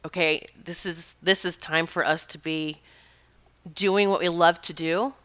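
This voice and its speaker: A woman working as a spiritual teacher, telling stories in a casual monologue, animated and emphatic, laughing often. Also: on the low side, a little slow.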